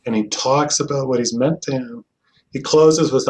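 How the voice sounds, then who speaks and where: A middle-aged man, a family therapist and trainer, telling stories in an earnest, reflective way and often softening his voice. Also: normal speed. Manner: earnest, reflective, often drops to a soft low voice. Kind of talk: conversational storytelling.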